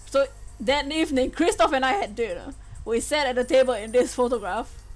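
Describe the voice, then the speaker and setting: A woman reading a calm, measured older defendant. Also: high voice, faint music behind.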